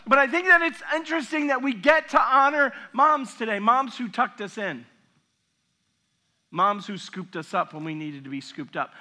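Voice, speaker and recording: A middle-aged male pastor gives a sermon in a high, pushed, bright voice. He tells stories in a chatty, conversational way, acting out asides along the way.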